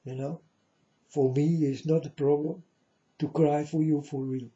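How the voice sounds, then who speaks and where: Man, self-styled prophet, unhurried and sorrowful delivery, speaks slightly high, muffled low-fidelity sound. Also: fairly even intonation, dark tone. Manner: slow, mournful, repeatedly addresses listeners as folks. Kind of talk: prophetic warning monologue. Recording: dull lo-fi audio.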